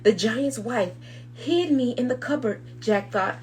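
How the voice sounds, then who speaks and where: A woman hosting children's circle time, reading a storybook aloud slowly and expressively, hushed at calm moments. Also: on the high side, slight background noise, poor audio.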